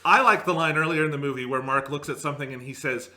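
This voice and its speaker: A man co-hosting a casual review discussion, talking in a halting way with repeated words and casual swearing. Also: a little high, sharp tone. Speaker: podcast co-host.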